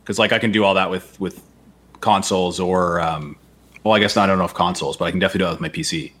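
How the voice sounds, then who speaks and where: A man's voice: deep voice, fairly even intonation, rapid-fire, a bit bright. A man in a casual chat who argues his opinions, often repeating words as he thinks.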